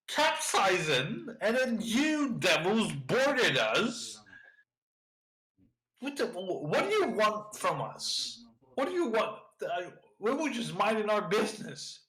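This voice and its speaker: A man's voice: high voice, very animated, takes it slowly, pushed and bright, roomy sound, pitched above the performer's own voice, heavily acted, rough recording. A man voicing an indignant male ship captain who stammers out angry questions. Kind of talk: tabletop role-play voice.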